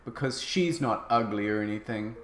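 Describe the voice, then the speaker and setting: A man's voice: lowish voice, normal speed, roomy sound, loud music behind the voice, natural voice. A man voicing a melodramatic teenage goth girl, with whiny, overwrought complaining.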